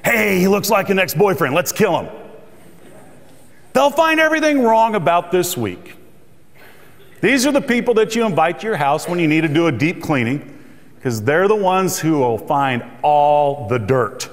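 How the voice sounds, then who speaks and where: Lively, joking man telling stories on stage. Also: fairly high pitch, normal speed. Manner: storytelling, joking. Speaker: keynote speaker. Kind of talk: humorous motivational speech. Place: conference hall. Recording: reverberant hall.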